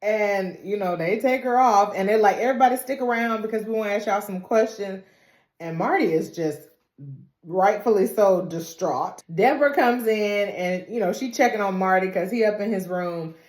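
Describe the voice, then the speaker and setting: A woman recapping a TV episode in casual speech with a dialect, acting out the characters' lines with laughter. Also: normal speed. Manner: animated retelling, acting out characters' lines with big pitch jumps and laughs. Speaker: recap vlogger. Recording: echoey room.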